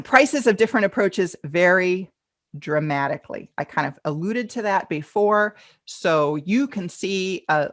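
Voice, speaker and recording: Chatty woman teaching a live online class. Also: on the low side. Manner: chatty and enthusiastic, reads out attendee questions and answers them. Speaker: fundraising event consultant teaching a class.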